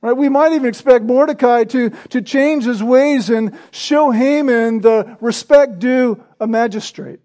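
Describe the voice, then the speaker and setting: A man's voice: very high-pitched, measured pace, few pauses, darkish tone. A man preaching an expository sermon in a conversational, storytelling way, often turning to his listeners with rhetorical questions.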